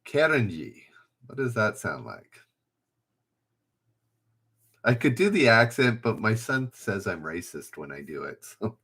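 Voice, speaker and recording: Casual man hosting a live trivia stream; bright voice, rambling, talks to his viewers. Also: fairly low pitch, very animated, a little slow, long pauses, breathy edge. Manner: rambling, thinks aloud, chatty with viewers. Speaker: trivia livestream host. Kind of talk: casual livestream chat.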